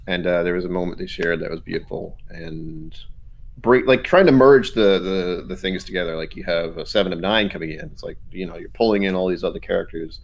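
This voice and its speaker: A man with a low voice chats loosely as a co-host. He rambles, laughs often and restarts his sentences as he goes. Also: expressive, brisk, vocal fry. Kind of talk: casual chat.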